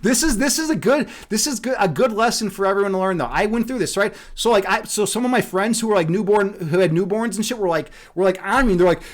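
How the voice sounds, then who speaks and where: A man's voice: high voice, fast talker, hardly any pauses. A man chatting casually on a livestream, rambling and profane, laughing often. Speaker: streamer.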